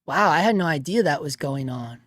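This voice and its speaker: A man's voice: a little high, expressive, normal speed, fairly bright tone, no room sound, studio quality. A man hosting a casual livestream, reading chat aloud in a laid-back way, laughing often and calling people dude and bro.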